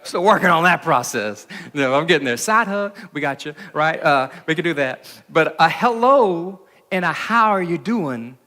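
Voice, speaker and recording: A man's voice: a little high, normal speed. A man preaching a sermon in a church, reading scripture and then talking in a conversational way, often acting out the people in the story. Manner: conversational, acts out the people in the story with lively voices. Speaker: pastor. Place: church hall. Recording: reverberant church hall.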